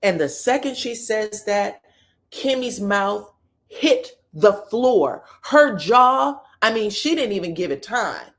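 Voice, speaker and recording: A woman's voice: mid-range voice, takes it slowly. A woman recapping reality TV drama in a casual, profane, chatty way. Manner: animated, profane, acts out quotes. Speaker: reality TV commentator.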